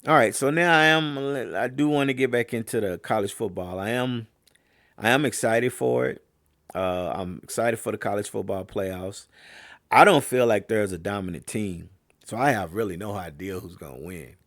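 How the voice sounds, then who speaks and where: A man with a fairly low voice hosts a sports podcast, talking in a casual, animated rant and addressing his listeners directly. The sound is dry and close, with almost no room echo. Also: moderate pace. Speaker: podcast host and youth sports trainer. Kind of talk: casual opinion monologue.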